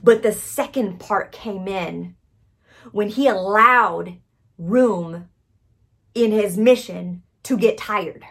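A married woman preaching a sermon, telling a story with frequent "okay?" check-ins and dramatic swings from whispers to loud emphasis. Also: mid-range voice, slow pace, husky.

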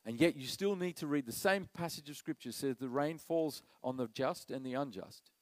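A middle-aged man, preaching a sermon as pastor, animated and acting out quoted voices. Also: medium pitch, normal speed, no echo, poor audio.

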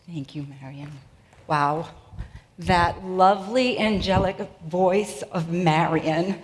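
A woman's voice: lowish voice, slow. A woman with a Boston accent preaching a sermon in a chatty, self-deprecating way. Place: church sanctuary. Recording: long reverb of a church hall.

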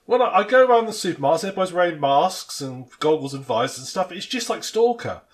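A man's voice: high-pitched, sing-song, fast. Rambling man telling stories. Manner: rambling, self-mocking storyteller. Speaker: podcast co-host. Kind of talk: casual banter.

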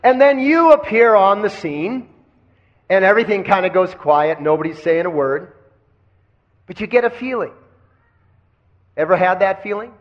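A man's voice: sits high, lively intonation, moderate pace, pauses often. A man teaching kundalini yoga in a live lecture, asking the class questions and having them repeat phrases back. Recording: dull lo-fi recording.

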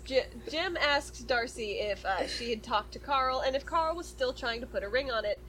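A woman with a very high voice recaps a book for her podcast co-hosts, giggling and teasing. A clear hiss runs under her voice on the remote call line. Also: animated, moderate pace, fairly bright tone. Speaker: podcast co-host. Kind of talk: casual chat, recapping a book.

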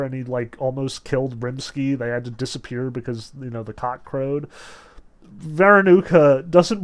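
A man casually talking through a novel, peppering his speech with "like". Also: mid-range voice. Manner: casual, many "like" fillers. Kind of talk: casual book discussion.

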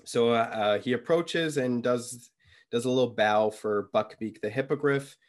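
A young man co-hosting a podcast, casually retelling a book chapter with lots of fillers and quick quoted lines. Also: mid-range voice. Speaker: podcast co-host.

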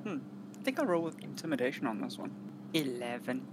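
A woman's voice: deep voice, lively intonation, fairly quick. A woman playing in a tabletop role-playing game, saying in first person what her butler character does. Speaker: player.

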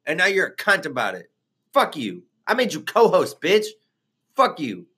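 A man with a bright, tense voice hosts a loose late-night podcast. He swears through almost every line and ribs his friend, his voice leaping higher when he gets worked up. He sounds a little drunk. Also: huge pitch swings, moderate pace, breathy edge. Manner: profane, joking, bursts into high shouts. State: tipsy. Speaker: podcast host. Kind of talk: casual crude chat.

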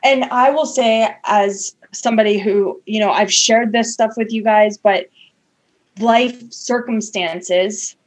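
Woman co-host, fairly high voice, candid and rambling, acts out her own thoughts in quotes. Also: slow pace. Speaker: podcast co-host. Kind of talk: casual chat.

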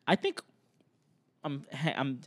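Brief: young male podcast co-host, mid-pitched, jokey, reads lists aloud. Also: huge pitch swings, takes it slowly. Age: young adult. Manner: joking, laughs often, lists items off. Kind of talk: casual chat, reading quiz options aloud.

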